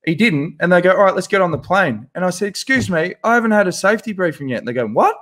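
A man, a podcast co-host telling a profane, animated anecdote in casual chat. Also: high voice, fast. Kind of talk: casual storytelling.

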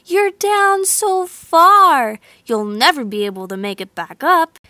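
A woman voicing a group of frogs who yell down and taunt the ones stuck in a hole. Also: sits high, big pitch swings, normal speed, no room sound, studio quality. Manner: taunting, scolding. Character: crowd of taunting frogs, discouraging and bossy.

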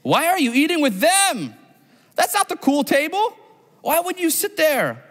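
A man's voice: very high-pitched, huge pitch swings, a little slow, fairly bright tone, big-room sound, voice pushed up, heavily acted. A man voicing snooty, self-righteous Pharisees like middle school kids at a cafeteria table, in a mocking, whiny tone. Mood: scornful.

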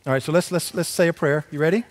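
A chatty pastor talks with children during a church service and keeps asking them questions. His voice sits somewhat high for a man. A long reverb from the sanctuary trails behind every word. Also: fast talker. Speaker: pastor leading a children's moment. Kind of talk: children's sermon and prayer.

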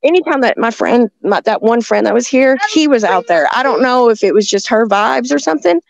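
Gravelly-voiced woman rambling through a story. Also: a little high, animated, a little fast, a crowd in the background. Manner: rambling, with restarts and frequent laughs. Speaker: guest recounting encounters. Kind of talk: casual storytelling. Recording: dull lo-fi sound.

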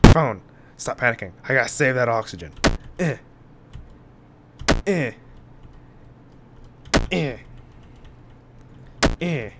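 A young man doing let's play commentary, frantic and yelling in mock panic, then calming down. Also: mid-range voice, takes it slowly, long pauses, heavy background noise. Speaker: gaming YouTuber.

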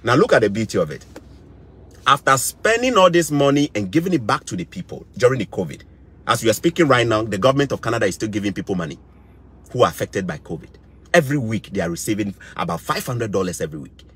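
A man's voice: fairly low pitch, very animated, fast talker, fairly bright tone, husky. A middle-aged Ghanaian man with a Ghanaian English accent, giving impassioned commentary, indignant and repeating phrases for emphasis. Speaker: vlogger.

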